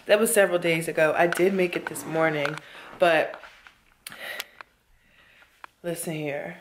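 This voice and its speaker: A woman's voice: low-pitched, fairly even intonation, a little slow, slight background noise. Tired, chatty woman vlogging. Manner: chatty, emphatic, addresses viewers as y'all. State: worn out. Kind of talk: casual talk to camera.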